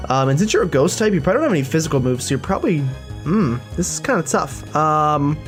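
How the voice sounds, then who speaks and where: A chatty let's-play commentator narrating a game run. The speech is quick and playful with pitch swinging widely, and faint game music plays underneath. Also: expressive.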